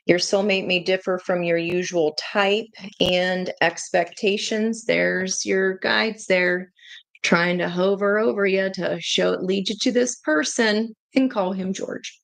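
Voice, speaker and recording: Slow-talking, gravelly tarot reader woman. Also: mid-range voice, no room sound. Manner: excitable and chatty, with gushing exclamations. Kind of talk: casual tarot reading to viewers.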